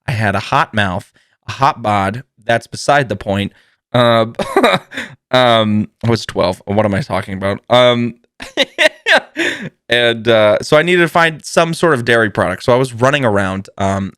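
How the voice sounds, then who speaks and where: A man's voice: medium pitch, big pitch swings, a little slow, a bit bright, clear, resonant tone, no echo, clean studio sound. A man hosting a podcast, telling a comedic story in a rambling way, swearing freely and laughing often. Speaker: podcast host.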